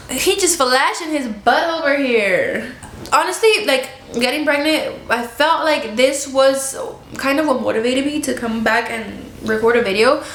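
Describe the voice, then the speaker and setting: A woman vlogging to the camera at home, chatty and expressive, laughing often. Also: sits high, unhurried, reverberant, a little hiss or hum. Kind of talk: casual chat to camera. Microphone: camera in front of her.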